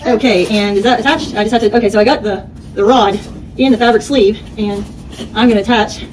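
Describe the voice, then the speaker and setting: Woman talking quick through a home setup video, kinda high voice, mic a bit far off w faint hum. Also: fairly even intonation. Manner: rambling, self-narrating, many fillers. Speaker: product reviewer. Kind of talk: casual product assembly demo. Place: indoors at home, bedroom.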